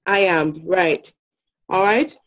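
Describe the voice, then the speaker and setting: A woman's voice: lowish voice, slow, a bit bright. A woman with a Jamaican accent presenting a poetry lesson, explaining step by step with many fillers. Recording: dull lo-fi sound.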